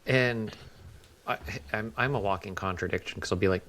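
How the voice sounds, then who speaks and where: A man's voice: sits low, a little fast, fairly bright tone. A man co-hosting a podcast, telling casual stories and acting out quoted lines. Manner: storytelling, acts out quotes. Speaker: podcast co-host. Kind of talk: casual chat.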